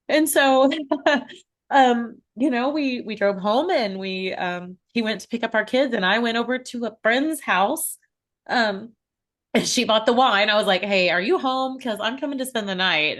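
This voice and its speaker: A woman in her forties, a podcast guest, telling a personal story in an animated way and laughing often. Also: mid-range voice, moderate pace. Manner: animated, laughs often, acts out quoted voices.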